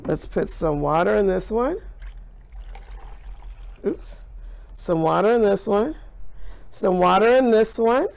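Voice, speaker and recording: An enthusiastic woman science teacher talks through a colorful hands-on demonstration. Her voice swings widely in pitch, and she speaks slowly with a gravelly edge. She keeps her tone cheerful and encouraging throughout. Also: lively intonation, darkish tone, slight background noise.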